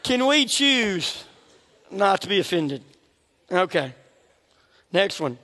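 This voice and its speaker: A man's voice: sits high, big pitch swings, slow, sharp tone. A middle-aged man preaching a sermon in a church, conversational and joking at his own expense. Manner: conversational, joking, laughs at himself. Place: church sanctuary. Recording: long reverb of a large hall.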